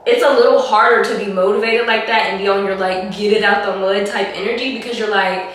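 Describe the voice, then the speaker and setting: A young woman, hoarse from a cold, chatting casually to camera in a rambling way that is full of "like". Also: medium pitch, fairly even intonation, brisk, fairly bright tone, a little hiss or hum. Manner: chatty, rambling, heavy use of "like". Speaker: vlogger. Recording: echoey room, mic at a distance.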